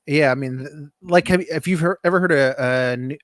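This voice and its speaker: A man's voice: on the high side, fairly quick, dry recording, clean studio sound. A man co-hosting a podcast in casual chat, rambling and joking with frequent restarts. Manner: rambling and jokey, many restarts. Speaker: podcast co-host.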